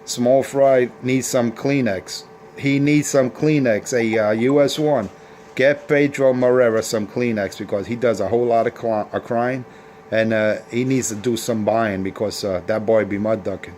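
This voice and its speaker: New guy bragging and taunting over cb radio, mid pitch, bit of hiss behind. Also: steady tone, normal speed, darkish tone. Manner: boastful, taunting, repetitive. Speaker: CB radio operator. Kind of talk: trash-talking radio banter.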